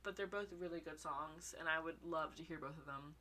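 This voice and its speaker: A young woman in casual vlog commentary, excitable and gushing, swearing casually and a little out of breath. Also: deep voice, brisk. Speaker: fan ranking songs.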